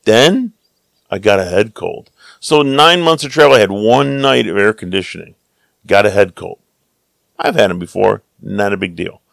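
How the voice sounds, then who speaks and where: An American man casually telling a story about his travels, lively, acting out the people he quotes. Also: on the low side, normal speed, creaky, no room sound. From United States. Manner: animated, acts out quoted voices.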